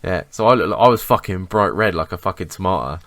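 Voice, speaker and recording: A very low-pitched man chatting on a podcast, swearing freely and laughing at himself as he tells work stories. The sound is close and dry, with no room around it. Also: fast talker, fairly bright tone, dry recording. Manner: sweary, storytelling, self-mocking. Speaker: podcast co-host. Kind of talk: casual podcast chat.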